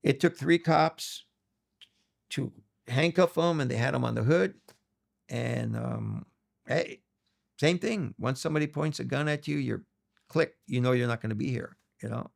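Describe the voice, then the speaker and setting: A middle-aged man with a gravelly, rough-edged voice recounts stories in a relaxed interview. He slips into the voices of the people in his stories, and his pitch sits in an ordinary middle range. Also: measured pace. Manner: animated storyteller, acts out quoted voices. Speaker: interview guest. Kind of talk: storytelling interview.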